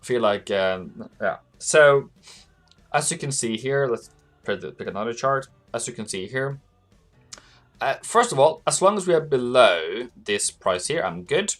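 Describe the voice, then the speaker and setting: A man's voice: medium pitch, sing-song, unhurried, faint music behind. A man hosting a live forex trading stream, chatting casually with viewers and laughing often as he talks through charts. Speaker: forex trading livestream host.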